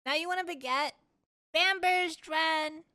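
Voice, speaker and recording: A woman's voice: very high voice, a little slow, bright, forceful tone. A young woman streamer chatting casually with her live chat, playful and giggly, trying out words with a mock French accent.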